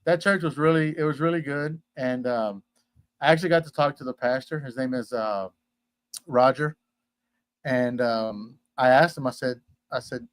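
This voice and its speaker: A man's voice: mid-range voice, moderate pace, no room sound. A man from Texas, a guest on a casual interview, telling rambling stories full of fillers and playful asides. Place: at home in Houston.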